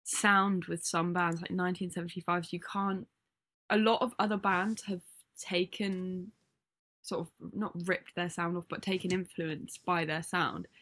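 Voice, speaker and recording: A woman's voice: lowish voice, fairly even intonation, measured pace, a bit bright. A woman co-hosting a podcast in casual chat, giggly and chatty, often trailing off mid-thought. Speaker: podcast co-host.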